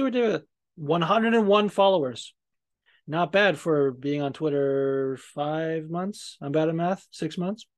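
A man with a slightly high voice hosts a podcast in loose, casual chat. He rambles, swears freely and restarts his sentences, filling gaps with "like" and "um.". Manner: rambling, profane, many fillers and restarts. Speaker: podcast host.

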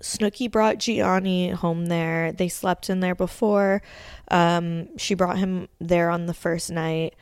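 A woman with a lowish, smooth, resonant voice talks through a TV episode as a podcast host. Her delivery is loose and chatty, packed with fillers and easy swearing. The sound is close and dry. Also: a little mellow, no room sound. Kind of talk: casual episode recap commentary.

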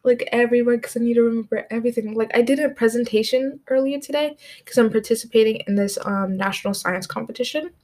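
A woman's voice: fairly high pitch, quick pace, hardly any pauses, darkish tone. Chatty teenage girl rambling on a podcast. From United States. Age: late teens. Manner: rambling, heavy on filler "like". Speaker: podcast host. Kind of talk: casual solo podcast talk. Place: at her desk at home.

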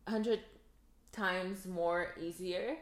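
A young woman from Montreal whose first language is French, co-hosting a podcast in relaxed, chatty casual conversation. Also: lowish voice, drawn-out words. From Montreal, Canada. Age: young adult. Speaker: podcast co-host. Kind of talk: casual chat. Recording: roomy echo.

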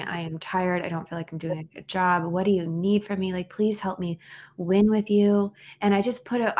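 A woman in her thirties shares a story on a podcast in an earnest, conversational way. Her voice sits on the low side, and she often restarts her sentences as she goes. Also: darkish tone. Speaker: podcast co-host. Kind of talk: casual heartfelt conversation.

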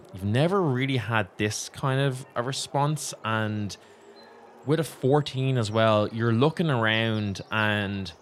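A man's voice: fairly low pitch, a little hiss or hum. A man narrating as game master of a tabletop game, casual and rambling with many fillers.

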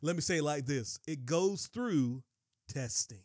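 A man preaching a sermon in an emphatic, conversational way, rising to high excited bursts. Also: unhurried, no room sound, studio quality. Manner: conversational, addresses listeners as bro.

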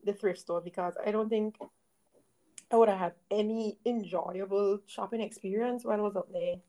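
A young woman co-hosting a podcast, chatting in a gushing, animated way and drawing words out for emphasis. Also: medium pitch, normal speed, poor audio. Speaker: podcast co-host. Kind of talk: casual chat.

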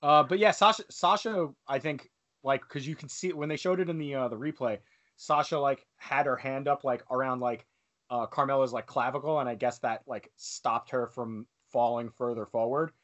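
A man's voice: mid-range voice, fairly even intonation, normal speed, fairly bright tone. A man co-hosting a casual wrestling chat, rambling and full of fillers. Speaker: podcast co-host.

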